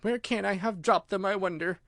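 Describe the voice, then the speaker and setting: A man's voice: high-pitched, normal speed, a bit bright, no echo, clean studio sound, voice pushed up. A man voicing a fretful, fussy white rabbit who mutters frantically. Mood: fretting.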